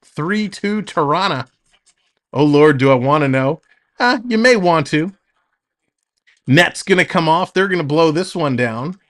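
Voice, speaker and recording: Man calling hockey play-by-play, higher voice. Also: animated, unhurried, long pauses, fairly bright tone. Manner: narrates action in short bursts, chats with viewers between plays. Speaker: streamer doing play-by-play. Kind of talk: live hockey play-by-play commentary.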